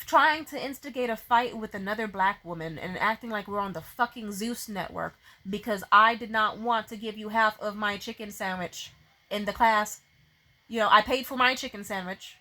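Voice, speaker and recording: A young woman venting to her camera in a fast, profane, exasperated rant, often stopping and restarting her sentences. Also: medium pitch, sharp tone, poor audio. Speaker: vlogger. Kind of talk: profane ranting vent. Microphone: facing a camera.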